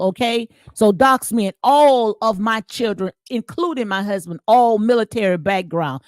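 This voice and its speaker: A woman's voice: a little high, no room sound, studio quality. A middle-aged woman hosting casual commentary, emphatic and colloquial, repeating phrases and tagging lines with "okay?" in a preacher-like cadence. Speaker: commentary channel host. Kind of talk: casual commentary reading and reacting.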